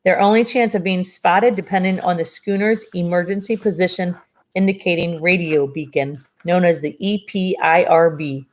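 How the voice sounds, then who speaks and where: A woman reads a novel aloud in a lower-set voice and stops now and then for casual, chatty asides. Her remarks are dry and sarcastic. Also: steady tone, moderate pace, a little mellow. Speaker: reader of a novel. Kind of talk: reading a book aloud with commentary.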